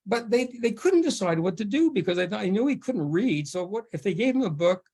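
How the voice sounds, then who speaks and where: Halting, slightly high-voiced man telling a story. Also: lively intonation, mellow. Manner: halting, with many restarts and fillers; laughs often while telling the story. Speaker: guest speaker at a faith forum. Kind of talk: storytelling talk.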